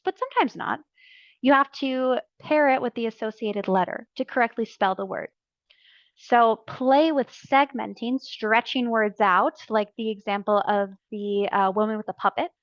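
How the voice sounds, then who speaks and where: A woman presenting a training session for early childhood educators, explaining letters and sounds clearly and deliberately. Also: on the high side, no room sound. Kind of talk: instructional narration.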